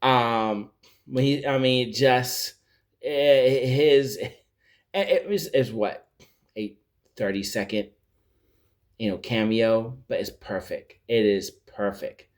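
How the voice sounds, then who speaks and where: A male vlogger casually recapping a TV series, rambling and animated, often searching for words. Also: medium pitch, slow pace, long pauses. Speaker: pop culture vlogger.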